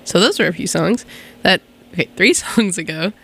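A woman's voice: fairly low pitch, moderate pace, creaky, fairly bright tone, husky. A young woman hosting a casual college-style radio music show, chatting between songs in a rambling, giggly way.

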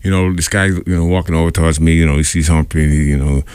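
Telling a casual story on his radio show, this man has a very deep, clear, resonant voice that's a little mellow, with fairly even intonation. He talks fast, rambling with fillers and doing the voices of the characters, recorded with no echo.

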